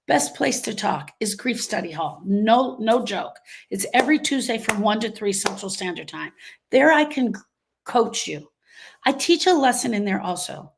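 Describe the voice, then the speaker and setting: A woman's voice: fairly high pitch, creaky, slightly rough. A woman grief coach giving an emphatic, motivational live talk, repeating her phrases and acting out what people say. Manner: emphatic, repeats phrases, acts out quoted voices.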